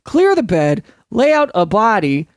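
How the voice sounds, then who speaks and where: Sarcastic male host, high and expressive, reading posts for comedy, dry close recording. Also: unhurried, no room sound. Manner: animated, sarcastic, jumps between high and low voices. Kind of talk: comedic commentary.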